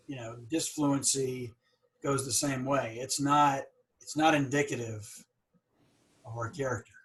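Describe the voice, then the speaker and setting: A man's voice: mid-range voice, poor audio. A man hosting an interview podcast, speaking reflectively with many fillers and occasional stuttered blocks. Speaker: podcast host. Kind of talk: casual interview conversation.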